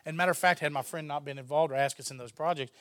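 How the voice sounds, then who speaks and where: A man with a slightly high voice tells an anecdote in an easy, rambling way. He quotes the other people in the story in lively bursts. The sound is dry and close. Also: racing, no room sound. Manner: animated, quotes others with "he goes". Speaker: guest filmmaker. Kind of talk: casual storytelling.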